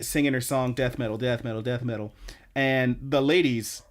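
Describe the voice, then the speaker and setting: Young guy on a podcast, hyped and sweary, says like a lot, regular middle pitch. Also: moderate pace. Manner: excited, profane retelling with many "like"s. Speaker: podcast co-host. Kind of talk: casual podcast chat.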